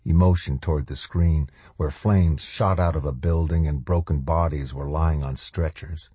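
A man narrating a horror audiobook in a measured, grave reading style. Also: a bass voice, fairly even intonation, mellow, breathy edge, no echo.

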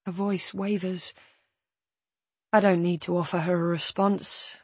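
A woman narrating an audiobook in the first person, speaking quietly and in a strained way. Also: fairly low pitch, little pitch movement, a little slow, breathy edge, dry recording.

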